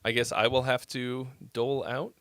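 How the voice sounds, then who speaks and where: A Massachusetts man hosts a livestream reviewing listener songs, giving feedback in a rambling, chatty way and laughing easily. His mid-range voice is fairly bright, with little pitch movement and a moderate pace, and there's no echo.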